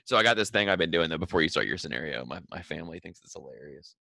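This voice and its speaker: A man's voice: rumbling low, lively intonation, rapid-fire, creaky, bright, forceful tone, no room sound, studio quality. A man co-hosting a podcast, talking in laid-back, self-deprecating casual banter. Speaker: podcast co-host.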